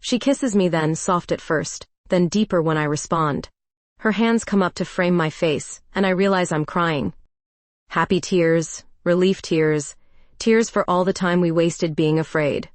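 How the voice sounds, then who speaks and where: A woman narrating a first-person romance story in a calm, even storytelling voice. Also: on the low side, a little slow, no echo.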